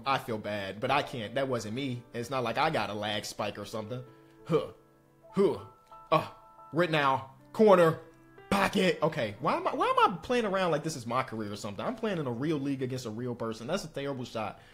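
A young man giving excitable live commentary while playing a basketball video game, swinging between hyped shouts and quiet muttering. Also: a little high. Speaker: gaming streamer.

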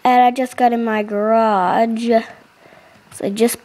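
A woman's voice: a little high, steady tone, a little slow, darkish tone, a little hiss or hum, rough recording. A young woman casually commenting on her gameplay, chatty and giggly, easily startled, into a close computer mic. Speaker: gaming channel host.

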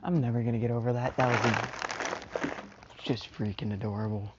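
A woman's voice: extremely low pitch, fairly even intonation, moderate pace, dull audio, very noisy. A woman telling a fan story in a casual, rambling way at home, full of "you know" and "anyway". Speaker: storyteller vlogger. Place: at home with family around.

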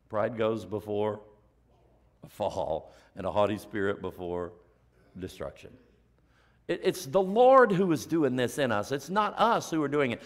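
An American pastor preaches a sermon in a mid-range voice, firing off rhetorical questions and dropping to a hushed near-whisper for emphasis.

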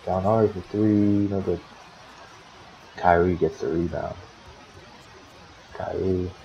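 Deep-voiced and fairly even in intonation, he takes his time while casually narrating a simulated basketball game for his own team as its manager in a sim league. He swears frequently and grumbles at his players. The dull lo-fi recording has some chatter behind him and a little hiss or hum.

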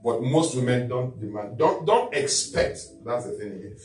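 A bishop speaking as a talk-show guest, teaching on marriage in a loud, preacherly way. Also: male voice, mid-range voice, expressive, normal speed. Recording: echoey room, distant mic, faint music.

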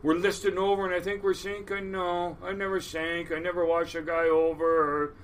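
A middle-aged man from Washington State, a crab boat captain telling stories in a casual interview, animated, swearing freely and restarting often. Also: high voice, a little fast, a little hiss or hum.

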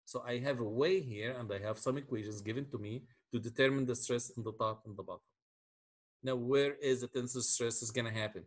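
Husky-voiced man lecturing on beams. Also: medium pitch, fairly quick. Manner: explains step by step, asks the class questions. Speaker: engineering lecturer. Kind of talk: classroom lecture.

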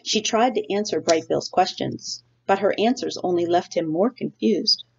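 A woman teacher reads a children's novel aloud to her class in a steady storytelling way. Her voice is low and gravelly. The recording sounds dull and lo-fi. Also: moderate pace.

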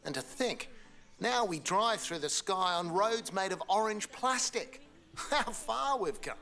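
An actor playing a cheerful, easygoing festival crew member in a racing game, speaking. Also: male voice, sits high, expressive, measured pace, sharp tone, heavily acted. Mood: friendly. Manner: chatty, easygoing. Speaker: game character.

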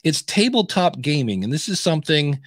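A middle-aged American man co-hosts a casual podcast, spinning rambling stories and performing the dialogue he quotes. His voice is a little high and fairly bright, very animated at a normal pace, recorded cleanly in a studio with no room sound.

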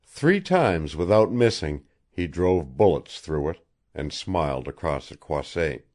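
A male audiobook narrator with a deep, low voice. He reads slowly and measuredly, while his intonation rises and falls a great deal. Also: expressive, darkish tone. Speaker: audiobook reader.

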